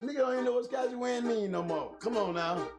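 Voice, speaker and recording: A man co-hosting a casual talk show, joking and teasing in slangy banter, his voice a bit rough. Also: very high-pitched, fast, music in the background. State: voice sounding rough. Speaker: co-host.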